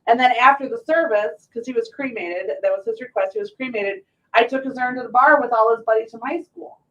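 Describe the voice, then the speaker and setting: Animated woman host, distant muffled mic. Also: a little high, a little fast. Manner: animated storyteller, acts out quotes. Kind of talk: casual talk show chat.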